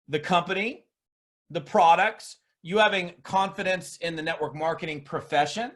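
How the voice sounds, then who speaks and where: A man's voice: sits high, fairly bright tone. A man giving a motivational talk to a seminar audience on network marketing, emphatic and fond of mocking put-on voices.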